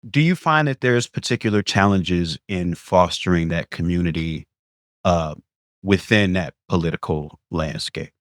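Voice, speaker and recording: A man co-hosting a podcast, asking thoughtful questions in a measured way. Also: low-pitched, dry recording, studio quality. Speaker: podcast co-host. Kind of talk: casual interview questions.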